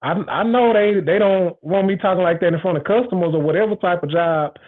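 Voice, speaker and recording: A man with a high voice hosts his own show, speaking in a loose, frank casual monologue. He circles back and repeats himself for emphasis. The sound is thin and tinny, like a phone line. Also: a little fast. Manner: rambling, repetitive, frank and emphatic. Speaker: show host.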